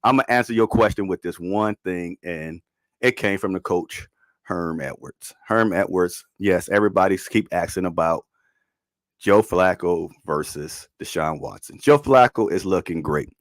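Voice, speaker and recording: A man hosting a podcast in casual sports talk, animated, slangy and repeating himself. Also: deep voice, moderate pace, no echo, studio quality. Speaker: podcast host.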